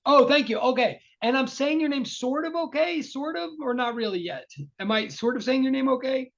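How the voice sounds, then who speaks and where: A man's voice: very high-pitched, moderate pace, creaky, fairly bright tone. A man teaching a university class over a video call, apologetic and flustered, chatty with many fillers and restarts. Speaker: university lecturer. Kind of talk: casual online class opening. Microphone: tablet microphone on a video call. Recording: dull lo-fi video call audio.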